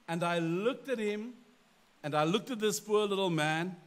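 A middle-aged man, a pastor, telling a story from his own life in a sermon with animated, self-deprecating storytelling. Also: sits high, moderate pace.

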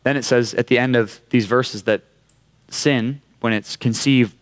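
A man's voice: mid-range voice, fairly even intonation, measured pace. A young man with a Californian accent preaching a casual sermon to a youth group, conversational and often checking in with "right?". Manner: conversational, keeps asking "right?". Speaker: youth pastor. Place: church youth room.

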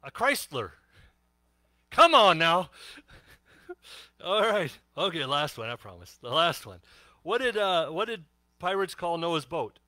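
Joking, bright-voiced male pastor. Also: fairly high pitch, big pitch swings, slow pace, long pauses, no echo. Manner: joking, chatty, laughs often. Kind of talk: sermon with jokes.

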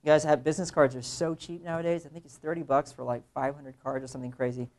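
A young man, a working illustrator, lectures a room of students in an easygoing, conversational way. He keeps things animated and now and then mimics other people's voices in quick asides. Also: a little high. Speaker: illustrator giving a talk to students. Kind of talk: casual classroom lecture.

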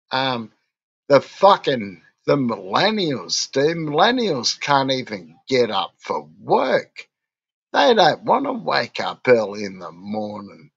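A man's voice: medium pitch, big pitch swings, takes it slowly, creaky, fairly bright tone, husky, dull audio. A drunk man with an Australian accent, rambling and ranting in a crude, swearing monologue for his vlog. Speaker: vlogger.

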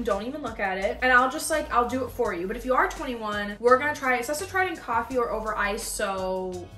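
A woman's voice: fairly high pitch, sharp tone. Chatty young woman in an echoey room. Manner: chatty, rambling, blunt. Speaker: vlogger. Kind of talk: casual food taste-test vlog. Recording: echoey room, mic at a distance. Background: faint music.

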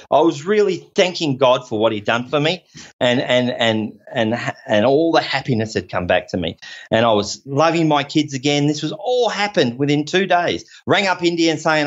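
A man's voice: fairly high pitch, animated, normal speed, fairly bright tone. A man from Australia, a podcast guest telling a personal story in an earnest, rambling way, repeating himself and restarting often. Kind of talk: personal story told in conversation. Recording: dull lo-fi audio.

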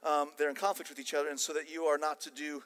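An older man with an American accent preaching a sermon, animated and emphatic with casual asides. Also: on the high side, fast. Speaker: pastor. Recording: long church-hall reverb.

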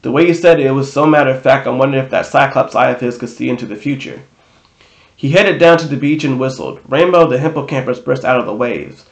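A man's voice: mid-range voice, fast talker, vocal fry. A man reading a novel aloud in a casual way, now and then correcting himself. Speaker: audiobook reader. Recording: roomy echo.

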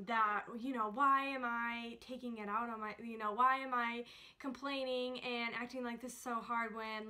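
A woman's voice: fairly high pitch, bright, forceful tone. A young woman talking casually in a chatty vlog, with many fillers, feeling nauseous. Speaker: vlogger.

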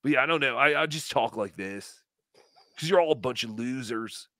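A man hosting a podcast, talking casually with an animated, sarcastic delivery. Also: mid-range voice, moderate pace, no echo, studio quality. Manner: animated, sarcastic, mocks with impressions. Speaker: podcast host. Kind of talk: mocking casual chat.

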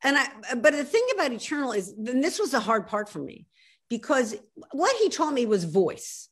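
A woman in her sixties from Philadelphia with a Philly accent, talking as an author guest in a video call interview, animated and emphatic, often restarting her sentences. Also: a little high, normal speed, husky.

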